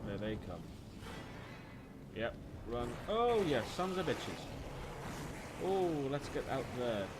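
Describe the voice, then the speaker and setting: Swearing British gamer with a Welsh lilt. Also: male voice, mid-range voice, very animated, slow, long pauses, background noise. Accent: British, slightly Welsh. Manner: chatty, swears and mutters at the game. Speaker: gaming streamer. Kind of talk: live game commentary.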